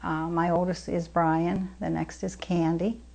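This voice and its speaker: A woman's voice: lowish voice, level tone, measured pace, vocal fry, a little mellow, low-quality recording. An older woman in a documentary interview, telling her story as a foster mother in a homespun way, acting out the dialogue and using folksy grammar. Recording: music bed under the voice. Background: music under the voice.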